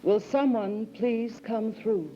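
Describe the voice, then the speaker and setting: An actress playing a composed woman hero who leads a seance, speaking in a formal, stilted way, heard as dull low-fi film audio with music. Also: slow, mellow. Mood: solemn.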